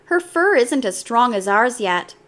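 A woman's voice: fairly high pitch, sing-song, a little slow. Woman voicing a kind big-brother gorilla. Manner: gentle, coaxing, explaining.

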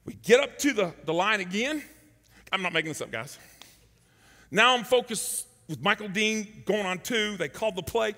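Man, middle-aged, pastor, sermon storytelling, high pitch, echoey hall. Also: moderate pace. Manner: animated, acts out shouted quotes. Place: large church hall.

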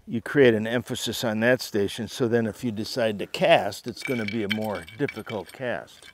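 A man explaining a retriever training drill outdoors, speaking calmly. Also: lowish voice, normal speed. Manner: short firm commands to a dog, with calm explaining asides. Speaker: dog trainer.

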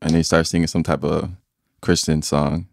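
A man's voice: extremely low pitch, little pitch movement, moderate pace, creaky, a little mellow, slight background noise. A young man from Nigeria co-hosting a podcast, telling stories in casual banter and laughing often. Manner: laughs often, easygoing storytelling. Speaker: podcast co-host.

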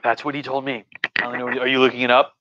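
A man's voice: medium pitch, little pitch movement, fast, sharp tone, muffled recording, a little hiss or hum. A man hosting a casual livestream history talk as a professor, rambling enthusiastically with many restarts. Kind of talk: casual lecture on a live stream.

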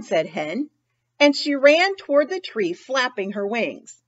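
A woman reads a children's story in a slow, unhurried way, her fairly high voice rising and falling a lot. She speaks expressively and turns to ask young listeners questions. The recording is a little dull and lo-fi. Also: big pitch swings. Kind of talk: storytime read-aloud.

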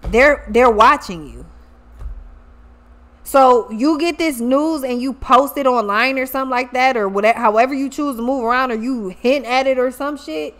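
A woman's voice: high-pitched, moderate pace. A woman giving a casual tarot reading, talking animatedly with lots of slang and swearing, often acting out what people might say. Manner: animated, profane, acts out quoted people. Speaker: tarot reader.

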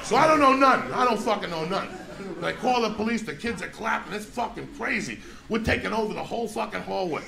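A gravelly, fairly high-voiced man rattles off a foul-mouthed stand-up tale, often breaking into shouts. He plays a roomy venue, with loud audience laughter rolling under him. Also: lively intonation, crowd noise. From New Jersey. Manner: profane, shouting, rapid-fire storytelling. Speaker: stand-up comedian. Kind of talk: stand-up storytelling. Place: comedy stage before a live audience.

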